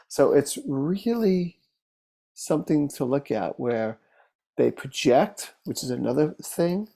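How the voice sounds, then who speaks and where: A male therapist talks through cases in a relaxed, unhurried way. His voice is mellow and dark with a gravelly texture and sits at a mid pitch. He speaks casually, pausing on fillers and restarting sentences. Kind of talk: casual teaching talk with case stories.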